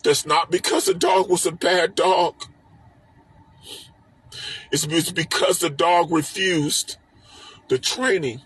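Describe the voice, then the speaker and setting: The speaker is a man teaching a spiritual text on a live stream, heard through a phone or webcam. His voice is husky, pitched a little high and slightly bright. His style is emphatic and preachy, repetitive, and laced with rhetorical questions.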